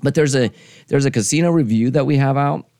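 A man's voice: mid-range voice, a little fast, darkish tone, no room sound, clean studio sound. A man co-hosting a casual podcast from his living room, rambling with many restarts and the odd swear. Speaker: podcast co-host. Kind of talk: casual chat. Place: living room with green screen. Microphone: USB mic.

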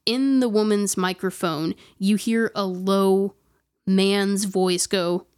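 A woman's voice: medium pitch, steady tone, slow, a little mellow, smooth. A woman tells a spooky story to a friend in a loose, chatty way. She trails off, restarts her sentences and leans on "like" constantly. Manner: rambling, many "like" fillers and restarts. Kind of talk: casual storytelling chat.

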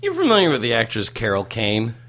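A man co-hosting a casual podcast, telling a story in an animated way and chatting with his co-host. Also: medium pitch, a little fast. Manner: animated storyteller who laughs while telling it.

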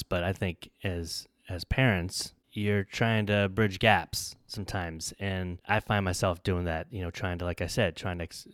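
A man with a fairly low voice, co-hosting a podcast as a parent. He talks reflectively and speeds up when a point excites him. The recording is dry and close. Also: no echo. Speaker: co-host, parent.

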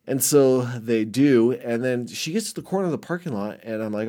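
A man casually telling a rambling, heavily profane story about his past, with many restarts, swinging between muttered asides and loud bursts. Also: medium pitch, normal speed, hardly any pauses. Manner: rambling, heavy swearing, frequent restarts.

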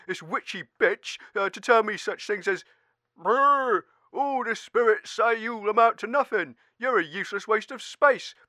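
A man's voice: sits high, sharp tone, no room sound, studio quality. A man playing a gullible, one-legged local who rambles through an aggrieved complaint in a comedy radio sketch.

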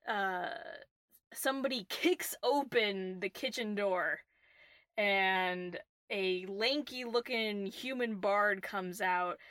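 A woman game master narrating a tabletop game in a relaxed, rambling way full of fillers. She speaks slowly with a bright, clear tone, recorded dry and close to the mic. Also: medium pitch, dry recording. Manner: relaxed, filler-heavy, giggly.

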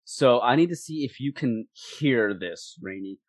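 Brief: man, game master for a tabletop game, lively narration, stumbles and repeats, dry voice-chat sound. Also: mid-range voice, measured pace, no room sound. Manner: animated, repeats words, laughs easily.

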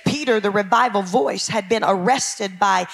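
A woman pastor preaching a fervent sermon, often shouting and calling out to her congregation. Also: mid-range voice, moderate pace, vocal fry, faint music behind. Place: church sanctuary.

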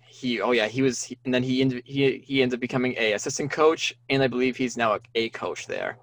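Male co-host, 30s, mid-pitched, halting self-correcting chat, dry sound. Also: fairly bright tone, no room sound. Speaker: podcast co-host. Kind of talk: casual movie podcast chat.

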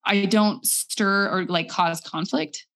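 A woman's voice: medium pitch, steady tone, fairly bright tone. Candid woman telling a personal story. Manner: candid, reflective, with quick quoted asides. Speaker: guest.

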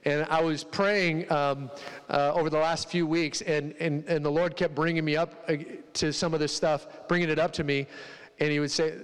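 A man's voice: on the high side, level tone, moderate pace, clear, resonant tone, long reverb tail, low-quality recording. A male pastor preaching a casual sermon, joking with the congregation and acting out quoted voices.

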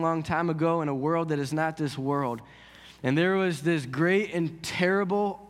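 A pastor with a fairly high voice preaches a sermon in a large hall, telling a story. His delivery is earnest and conversational, and it builds in intensity.

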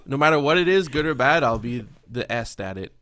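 A man's voice: medium pitch, expressive, brisk, fairly bright tone. A man co-hosting a casual podcast, joking and walking through a segment in detail. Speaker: podcast co-host. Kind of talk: casual wrestling podcast chat.

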